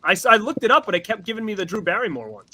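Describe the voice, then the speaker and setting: A man with a high, lively voice hosts a live stream. His tone is bright and forceful. He sounds excitable, swinging his pitch widely as he fires off shout-outs to the chat. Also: racing. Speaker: host. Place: outdoors at night.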